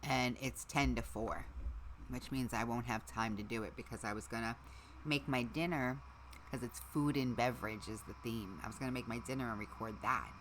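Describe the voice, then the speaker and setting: A middle-aged woman hosting a casual livestream, chatting to her viewers, her equipment and her dogs, her voice going hoarse. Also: very deep voice, moderate pace, a little hiss or hum. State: losing her voice. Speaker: livestream host.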